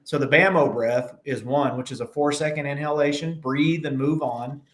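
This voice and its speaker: A man talking as a podcast guest in casual conversation, animated and acting out little anecdotes in other voices. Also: on the high side, normal speed.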